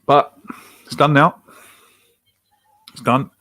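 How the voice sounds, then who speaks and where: This podcast host speaks slowly in a mid-range, fairly bright voice with fairly even intonation while streaming a football match watch-along. Still clearly exasperated, he reacts with frustration and reads viewer comments aloud.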